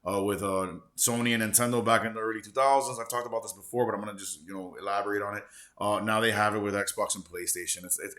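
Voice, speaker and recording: A forty-year-old man rambles through a casual gaming vlog. His voice sits a little low but rings bright and forceful. He talks loosely, swearing often and piling on slang and fillers. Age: 40s. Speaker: gaming channel host.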